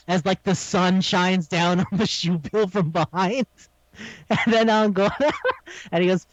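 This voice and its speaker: In a lo-fi recording with no echo, a high-voiced podcast co-host animatedly retells an anime episode at a moderate pace. The casual chat has him acting out the lines and laughing frequently.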